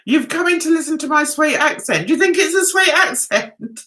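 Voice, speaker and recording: A woman's voice: high voice, expressive, measured pace, a bit bright. An older woman, hosting a casual livestream chat and rambling with giggles. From England. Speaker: livestream host.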